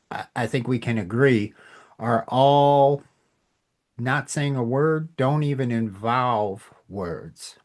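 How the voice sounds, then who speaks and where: A man hosting a communication podcast, giving an informal lesson in a reflective, emphatic way. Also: medium pitch. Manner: reflective, emphatic, acts out tones in examples. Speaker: podcast host teaching communication.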